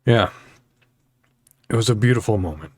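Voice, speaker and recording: A man hosting a podcast, telling a story in casual chat with many fillers and pauses, heartfelt and halting. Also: lowish voice, darkish tone, slightly rough, no echo, studio quality. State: choked up. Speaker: podcast host.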